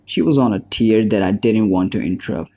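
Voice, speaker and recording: A man narrating a business book as an audiobook in a measured, steady reading. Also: lowish voice.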